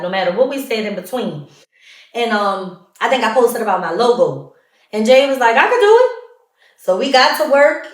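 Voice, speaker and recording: A woman's voice: fairly high pitch, fairly bright tone. A woman hosting a podcast, telling candid, emotional stories in a casual, heartfelt way and laughing along. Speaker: podcast host. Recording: roomy echo, mic at a distance.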